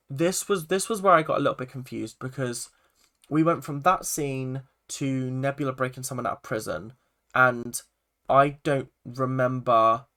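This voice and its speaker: A man's voice: medium pitch, pushed and bright. A young man casually reviewing a TV episode, rambling with lots of "like" and restarts. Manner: rambling, full of "like" and self-corrections. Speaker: film and TV reviewer.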